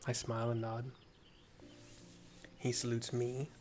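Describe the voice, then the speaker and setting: A man's voice: medium pitch, completely flat delivery, slow pace, darkish tone, a little hiss or hum. A man casually narrating a game playthrough for blind viewers, describing the action and correcting himself as he goes. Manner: chatty, self-correcting. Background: game music.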